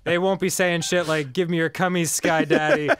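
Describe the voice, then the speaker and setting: A man's voice: on the high side, steady tone, moderate pace, fairly bright tone. A man co-hosting a gaming show, telling rambling playful anecdotes in casual banter. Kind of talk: casual let's-play banter.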